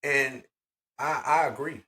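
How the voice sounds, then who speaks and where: A man co-hosting a podcast in casual chat, blunt and profane, telling animated stories. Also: medium pitch, slow. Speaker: podcast co-host.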